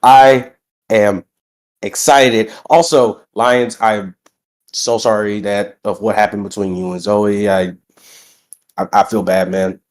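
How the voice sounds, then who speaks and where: A young man giving a boastful, energetic wrestling-style promo, drawing out his greetings and still getting over being sick. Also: on the low side, a little slow. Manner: boastful, lively, stretches greetings out. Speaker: wrestling roleplayer cutting a promo.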